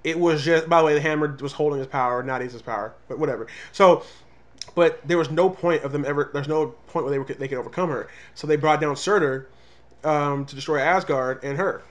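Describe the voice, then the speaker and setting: A man with a slightly higher voice chats through a casual movie review. He talks animatedly, jumping into quick character voices now and then. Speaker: comic review show co-host.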